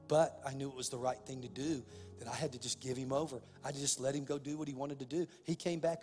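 A man preaching a sermon as pastor, impassioned, swinging between hushed, heavy passages and loud, driving ones. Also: medium pitch, big-room sound.

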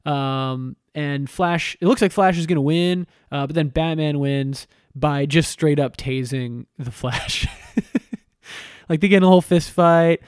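Guy rambling thru a game story, swears a lot, lots of uh and like, voice a bit high. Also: measured pace, darkish tone, clear, resonant tone, dry recording, studio quality. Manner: chatty and irreverent, swearing, many fillers, chuckling. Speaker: video game commentator. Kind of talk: casual story recap.

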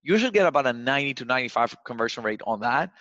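A man talks through sales advice in a loose, chatty way, filling his points with "like" and checking in with "right?". His mid-pitched voice comes through a dull, narrow recording. The sound is dry, with no room echo. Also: expressive, rapid-fire, a bit bright. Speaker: sales coach. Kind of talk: casual advice chat.

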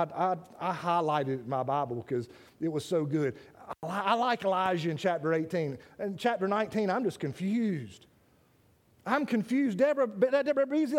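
A man preaching a sermon in an animated way, calling out to listeners by name and stumbling over quick restarts. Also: high-pitched.

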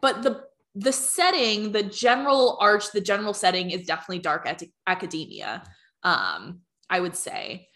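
A woman's voice: mid-range voice, animated, moderate pace, a bit bright. Chatty young woman podcast co-host. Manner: chatty, agreeable, frequent "like" fillers. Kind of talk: casual chat.

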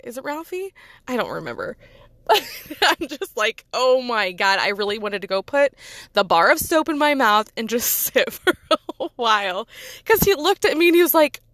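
A woman's voice: high voice, sharp tone, no room sound. A woman, chatting casually and rambling, laughing often at herself. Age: 30s. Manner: giggly, rambling, self-deprecating. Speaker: podcast host. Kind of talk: casual personal chat.

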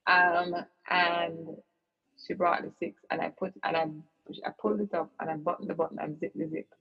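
A woman's voice: lowish voice, flat delivery, moderate pace, gravelly, husky. A woman guest in an interview, telling a personal story in an earnest, reflective way with many fillers and restarts. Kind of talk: personal storytelling in casual chat. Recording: dull lo-fi recording.

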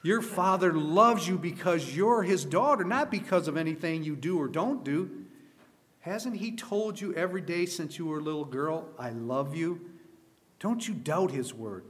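Guy reading the part of a nanny woman, firm but gentle, fairly high voice, storybook reading. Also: animated, moderate pace.

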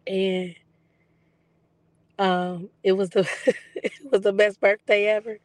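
A woman vlogging a casual video journal, her voice still recovering after being lost for weeks, telling stories in a relaxed, chatty way with plenty of fillers. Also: mid-range voice, takes it slowly, no room sound. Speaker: psychic medium vlogger.

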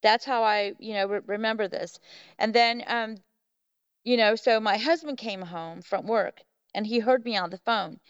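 A woman guest on a podcast telling a personal story in a casual, animated way, acting out what people said. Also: mid-range voice, normal speed, clear, resonant tone, no echo. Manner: animated, acts out quoted voices. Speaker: podcast guest, Bigfoot researcher. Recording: dull lo-fi, dry.

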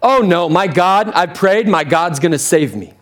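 A pastor acts out a stubborn man stranded on his rooftop in a flood, praying earnestly and insisting God will save him. His voice sits a bit high, and he pleads over and over. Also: lively intonation, normal speed, fairly bright tone.

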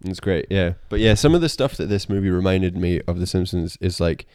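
A man on a podcast, chatting in a rambling, animated way and retelling scenes. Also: low-pitched, brisk, smooth, no room sound. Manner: rambling, animated, puts on character voices in retellings. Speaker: podcast co-host. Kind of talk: casual chat.

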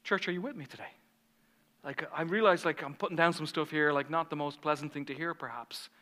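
A man preaching a sermon as pastor, telling stories animatedly and swinging from hushed asides to fired-up passion. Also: a little high, fairly quick, long reverb tail.

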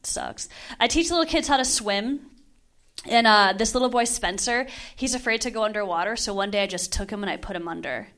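A young woman in her twenties performing a stand-up comedy set on a club stage, delivering deadpan lines and often laughing at her own jokes. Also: mid-range voice, brisk.

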